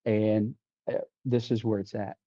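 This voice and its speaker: A man's voice: on the low side, level tone, a little slow, mellow. A man, a deputy sheriff, telling a personal testimony on a podcast, retelling conversations with quoted lines and often restarting his sentences. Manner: vivid retelling with quoted dialogue and frequent restarts. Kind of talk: testimony storytelling. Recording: dull lo-fi sound.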